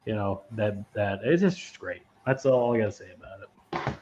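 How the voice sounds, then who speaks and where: A man's voice: on the low side, expressive, normal speed, lo-fi sound, background noise. Profane, rambling man reviewing movies. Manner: rambling, profane, laughs often. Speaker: podcast co-host. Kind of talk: casual movie review chat.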